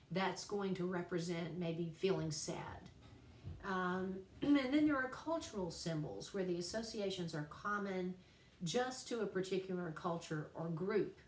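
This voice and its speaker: Lady teacher lecturing on poetry, kinda low voice, chatty n playful, roomy sound a bit off mic. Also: far from the mic, slight background noise. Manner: chatty, playful, slows down to spell out examples. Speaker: writing teacher. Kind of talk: recorded class lecture.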